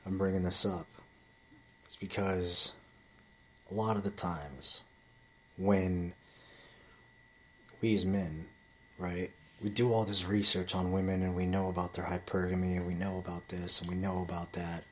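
Casting: deep-voiced man, casual vlogger, swears freely, loose rambling delivery. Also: flat delivery, unhurried, pauses often. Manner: rambling storytelling with heavy swearing. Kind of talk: casual monologue to camera.

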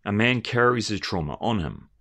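Man, low voice, lots of pitch movement, earnest emphatic monologue, stumbling restarts. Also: animated, normal speed, bright, forceful tone. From Australia. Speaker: commentator. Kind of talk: rambling video commentary.

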